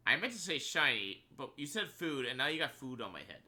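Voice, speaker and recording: Male streamer, casual rambling chat with lots of laughs; bright, animated voice that swings up and down. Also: mid-range voice, a little fast. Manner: rambling, filler-heavy, laughs often. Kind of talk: casual live-stream chat while gaming.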